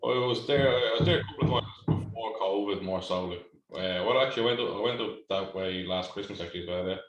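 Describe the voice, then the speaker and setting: A man's voice: sits low, fast talker, reverberant, highs cut off, a little hiss or hum. A man hosting a podcast, chatting casually with lots of "like" and "you know". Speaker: podcast host. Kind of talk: casual conversational interview.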